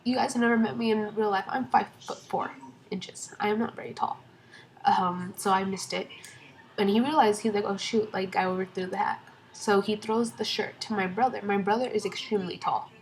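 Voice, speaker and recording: A young woman telling a storytime vlog from home in a casual, excited way, rambling with lots of fillers and restarts. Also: medium pitch, moderate pace, slight background noise, poor audio. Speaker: vlogger.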